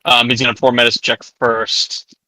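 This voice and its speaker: A man's voice: medium pitch, monotone, moderate pace, bright, forceful tone, low-quality recording. A man narrating as game master of a tabletop game in casual chat, with many filler words. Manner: casual, many ums and likes, laughs often.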